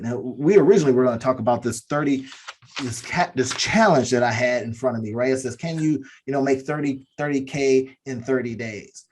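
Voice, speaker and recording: Co-hosting a business podcast, this man speaks at a moderate pace in a husky, mid-range voice with a darkish tone. He delivers an earnest pep talk that keeps circling back to the same key phrases.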